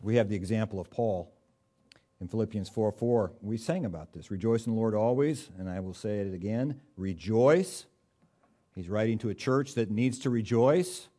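A man's voice: lowish voice, moderate pace, dark tone. A man preaching a sermon in a conversational, folksy way, with touches of humor and rising bursts of emphasis.

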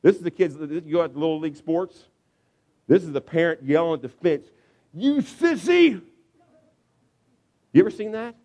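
A man preaching a conversational sermon on parenting as a pastor, animated, briefly acting out shouting parents. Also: fairly high pitch, fast.

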